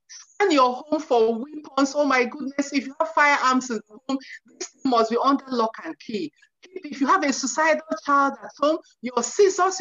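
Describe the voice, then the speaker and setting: On a muffled lo-fi recording, a youth counselor in her forties speaks to parents in a high-pitched, slightly bright voice. Earnest in her advice, she repeats "you know" frequently and acts out quotes.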